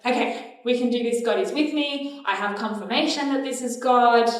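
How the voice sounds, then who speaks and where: A woman's voice: on the high side, normal speed, natural voice. A woman voicing Gideon, a frightened young man of faith, in a raised, exclaiming tone. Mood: self-assuring. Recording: echoey hall from far off.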